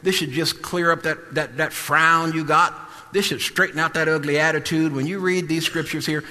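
Loud, sing-song preacher man. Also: fairly high pitch, steady tone, normal speed, long reverb tail. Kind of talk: sermon.

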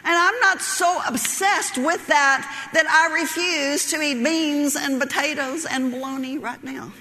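A woman's voice: high voice, unhurried, bright, forceful tone, long reverb tail, slight background noise. A woman preaching a sermon, telling a folksy joke story and laughing at her own lines.

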